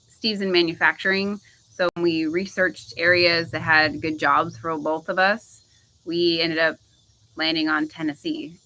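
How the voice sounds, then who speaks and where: A woman's voice: sits low, pushed and bright, low-quality recording. A woman co-hosting a casual live chat, chatty and rambling with frequent laughs. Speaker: co-host.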